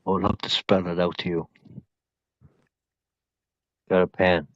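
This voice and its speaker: Man, erratic, swearing, outbursts and whispers, lowish voice, dry dull phone sound. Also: level tone, takes it slowly, dry recording. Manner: swears a lot. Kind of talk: rambling casual chat.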